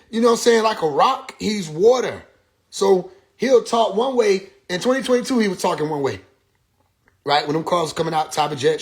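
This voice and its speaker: On a phone livestream, a guy speaking AAVE rambles loosely through a casual monologue, cussing and drifting into quotes of other people. His voice sits a bit high.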